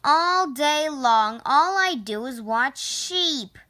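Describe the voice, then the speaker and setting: A woman voicing a bored young shepherd boy in a storybook read-aloud, with drawn-out, sighing complaints. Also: sits high, expressive, bright, forceful tone, voice pushed up, exaggerated voice.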